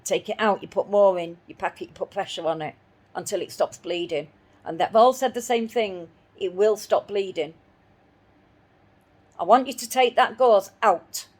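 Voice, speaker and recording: A woman's voice: medium pitch, normal speed, a little mellow. A woman telling a personal story in an indignant voice, repeating herself as she replays her arguments. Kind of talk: spoken personal account.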